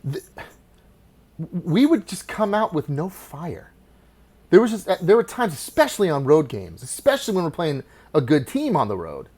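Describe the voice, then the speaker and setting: A middle-aged man hosting a solo sports podcast, talking with passion and rambling through many restarts, dropping to quiet asides and then rising into loud, excited bursts. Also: a little high. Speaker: podcast host.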